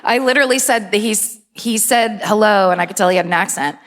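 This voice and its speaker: A woman's voice: mid-range voice, fairly quick, a bit bright. A woman co-hosting a live comedy podcast on a theater stage, telling rambling stories with dry, self-deprecating humor. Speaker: podcast co-host. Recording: reverberant theater hall.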